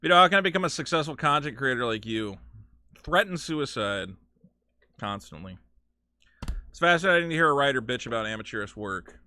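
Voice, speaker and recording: Guy streaming at home, goes off on rants, swears a lot, really lively swooping voice. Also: mid-range voice, fairly quick, pauses often, dry recording. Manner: ranting, profane and sarcastic. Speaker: streamer host. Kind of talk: casual live-stream commentary.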